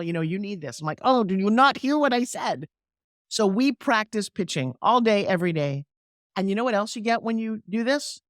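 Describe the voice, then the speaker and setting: A middle-aged woman, a sales coach, talking energetically in an interview and slipping into persuasive pitching, with acted-out quotes. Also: no room sound, studio quality. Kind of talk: energetic interview talk with live product pitch.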